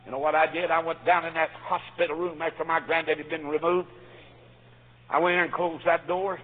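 A man preaching a sermon, fervent and swinging between quiet storytelling and shouts. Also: a little high, flat delivery, brisk. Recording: phone-like audio with long hall reverb.

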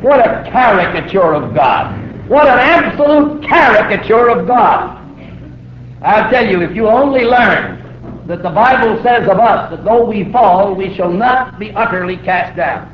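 Storytelling preacher on an echoey old tape. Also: male voice, sits high, animated, moderate pace. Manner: vivid storytelling, acts out quoted voices. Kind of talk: sermon. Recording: roomy, dull old recording with faint hiss.

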